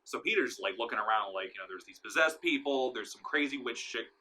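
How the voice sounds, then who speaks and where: A young man casually recapping a horror movie plot, swearing often and acting out scenes with sudden shouts. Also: mid-range voice, fairly quick, low-quality recording. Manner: excited, profane, acts out scenes with sudden shouts. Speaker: movie reviewer.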